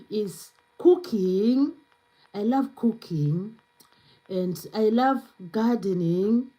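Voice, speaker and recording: Chatting casually on her live stream, this woman reads viewer comments out loud and fills her speech with lots of fillers. Her English carries a non-native accent, and her mid-range voice sounds mellow. The audio is poor.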